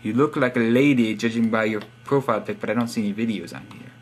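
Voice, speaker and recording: A man's voice: on the low side, quick pace, slightly rough, soft background music. A young man reading out subscriber profiles in a casual, sarcastic, teasing monologue. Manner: sarcastic teasing, reads profiles aloud with wry asides. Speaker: vlogger giving subscriber shoutouts.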